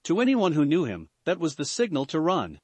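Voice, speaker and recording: A man narrating a fan-fiction story in an expressive, animated reading. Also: fairly high pitch, a little fast, breathy edge, dry recording.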